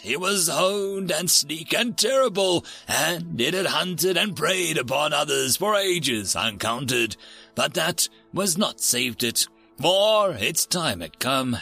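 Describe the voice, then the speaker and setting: A man reads stories aloud in a theatrical, expressive manner. His voice is bright and swings widely in pitch, and he takes his time. Faint music plays behind him. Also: creaky. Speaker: story narrator. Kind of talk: scripted narration.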